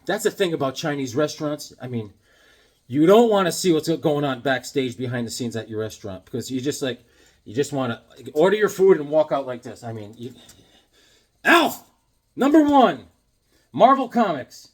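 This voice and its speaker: A man hosting a comedic unboxing vlog, rambling through jokes and stories with animated outbursts. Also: medium pitch, a little fast. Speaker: comic book vlogger.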